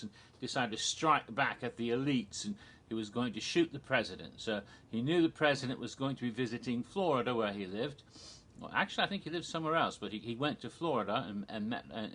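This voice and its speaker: A man talks through theme park history in a loose, digressive way, circling back and filling pauses with ums. His voice has a bright, forward edge at an ordinary middle pitch. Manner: rambling and digressive, with many ums and restarts; chuckles at his own jokes. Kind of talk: casual solo storytelling.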